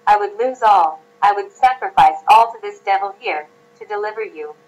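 A woman's voice: mid-range voice, normal speed, darkish tone, natural voice, poor audio. A woman reading the part of a grieving young nobleman who earnestly pleads for his friend, in an audiobook.

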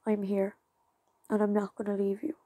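A young woman talking casually to her channel's viewers, rambling and halting with many fillers, close to tears. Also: medium pitch, monotone, mellow, slightly rough, no echo. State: fighting back tears. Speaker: channel creator. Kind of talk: casual vlog talk to viewers.

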